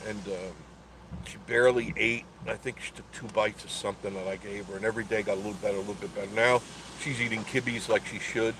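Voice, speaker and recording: A man's voice: lowish voice, fairly even intonation, quick pace. An older man, hosting a live stream and chatting casually as he reads out viewer comments, rambling and laughing often. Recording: faint background noise.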